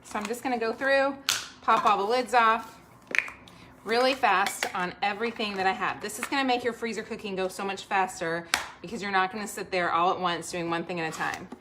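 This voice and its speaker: A woman's voice: mid-range voice, fairly even intonation, fairly quick, noisy background. A woman hosting a live cooking stream, chatting upbeat and straight to her viewers while she cooks in her home kitchen. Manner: upbeat, talks straight to viewers, reads out comments. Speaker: host of a cooking livestream.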